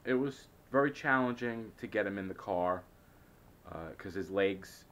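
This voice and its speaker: A man's voice: fairly low pitch, a little slow, a bit bright. A man telling a rambling, hesitant story in a casual vlog, often frustrated and full of restarts. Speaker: vlogger.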